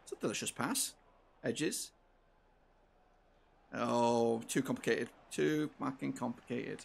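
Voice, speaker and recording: A man commentating live on his football game, swinging from low mutters to shouted outbursts and swearing often. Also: slow, gravelly, a little hiss or hum. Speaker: gaming channel host.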